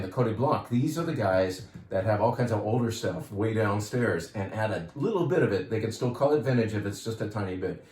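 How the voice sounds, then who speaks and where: A chatty, middle-aged man talks up his wine shop's stock in a relaxed, enthusiastic way, with wry little asides. His voice sits fairly low, and it rings around a roomy, echoey space. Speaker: wine shop owner. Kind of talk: casual product talk to customers. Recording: roomy echo.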